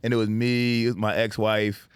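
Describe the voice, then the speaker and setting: A man's voice: fairly low pitch, moderate pace, clean tone, no room sound. A man in his thirties co-hosting a casual chat, telling stories with lots of swearing, laughter and voices for the people in them. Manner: animated, swears a lot, laughs often, acts out voices in stories. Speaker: podcast co-host.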